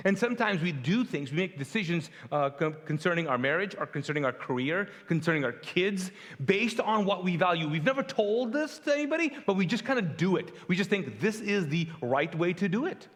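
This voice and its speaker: A middle-aged man from Pakistan preaches in a loose, conversational way, acting out the voices in his stories with self-deprecating humor. His voice sits fairly high for a man. The sound carries a long reverb from a large hall. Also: a little fast. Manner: animated storyteller, acts out quotes, self-deprecating humor. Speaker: pastor.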